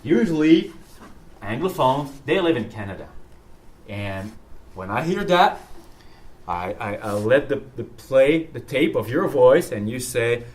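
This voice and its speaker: A man, a university French professor whose first language is French, talks lively on stage, with many fillers and restarts. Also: medium pitch, a little slow. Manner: animated, storytelling, hesitant fillers. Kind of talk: interview talk on stage. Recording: echoey room, far from mic, faint noise.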